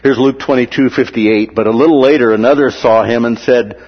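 A man's voice: medium pitch, steady tone, fairly quick, hardly any pauses, breathy edge, long reverb tail, highs cut off. A man teaching through a Bible passage in a conversational way, with many "uh" and "right?" asides, sometimes acting out the quoted voices.

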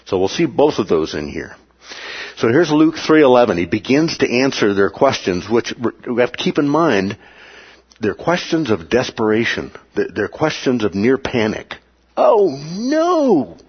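Husky, lively man teaching a Bible class. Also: mid-range voice, normal speed, lo-fi sound. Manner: animated, acts out quoted voices, checks in with 'okay?' and 'right?'.

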